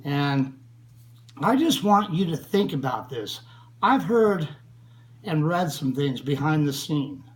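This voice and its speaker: An older man from the United States speaks about a friend he lost. His voice sits a little high for a man, and he talks slowly, with long pauses. His manner is earnest and grieving throughout. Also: big pitch swings, poor audio. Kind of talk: spoken tribute.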